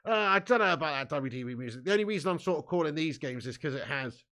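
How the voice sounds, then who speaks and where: A man hosting a casual live stream, reading out viewer comments in excitable, laughing, sweary, matey banter. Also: a little high, fast talker.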